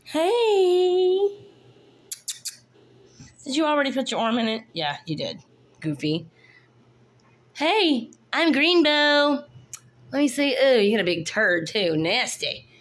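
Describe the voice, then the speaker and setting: Filmed on a handheld phone, a cat breeder chats casually while showing her kittens one at a time, cooing at them in baby talk. Her medium-pitched voice is very animated and brisk in this kitten showcase vlog.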